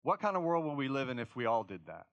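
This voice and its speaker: A man's voice: medium pitch, big pitch swings, fast talker, no room sound, muffled recording. A male pastor preaching in an informal, reflective way, often checking in with his listeners. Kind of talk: conversational sermon.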